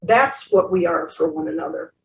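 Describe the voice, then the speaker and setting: A woman's voice: lowish voice, lively intonation, moderate pace, gravelly, roomy sound, recorded from a distance, rough recording. A woman hosting a podcast interview who tells a story and does voices for the characters. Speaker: podcast host. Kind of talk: conversational interview.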